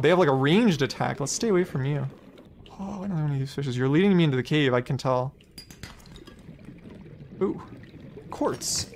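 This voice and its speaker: A man's voice: fairly high pitch, creaky, a little mellow. A young man streams a game live, chatting loosely and rambling between thoughts. He shrieks and laughs whenever something startles him. Faint game music plays under his voice. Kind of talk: live gameplay commentary.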